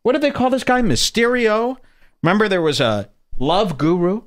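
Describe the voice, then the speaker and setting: A man hosting a casual podcast, riffing sarcastically on clips he plays. His voice sits a little high and moves around a lot. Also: big pitch swings, normal speed. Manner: sarcastic, mocking. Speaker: podcast host. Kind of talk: casual commentary.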